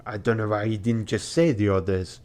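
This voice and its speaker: A man's voice: on the low side, steady tone, moderate pace, darkish tone. A tired man streaming a game, reading its text aloud and making wry, muttered asides.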